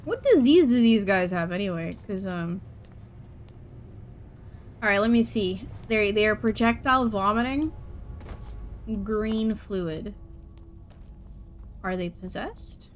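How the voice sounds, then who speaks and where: A woman's voice: medium pitch, lively intonation, slow, long pauses, soft background music. A young woman streaming a game, chatting casually, giggling and reacting to chat as she plays. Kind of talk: casual gameplay commentary.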